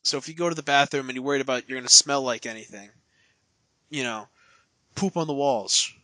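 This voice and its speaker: A man's voice: mid-range voice, brisk, pushed and bright, no echo. A man in casual podcast chat, telling rambling jokey stories. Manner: rambling, joking storyteller.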